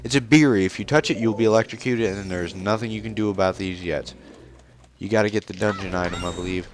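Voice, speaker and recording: A man's voice: on the low side, fast, noisy background. A man hosting a let's play, giving casual, sarcastic and joking commentary on a video game. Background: video game music.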